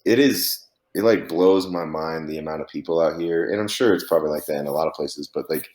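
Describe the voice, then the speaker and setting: A man's voice: a bass voice, brisk, darkish tone, echoey room. A man in his twenties hosting a casual podcast chat, rambling with lots of fillers and swearing. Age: 20s. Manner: rambling, heavy use of "like" and swearing. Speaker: podcast host.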